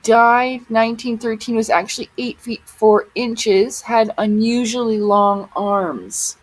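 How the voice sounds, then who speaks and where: A woman's voice: a little high, steady tone, slow, rough recording. A woman vlogger giving casual commentary on photos, often exclaiming in amazement.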